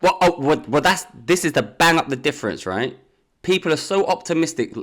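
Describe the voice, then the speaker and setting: Male podcast co-host, casual rambling chat, lively and somewhat high-pitched. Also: a little fast. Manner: animated, rambling, many restarts.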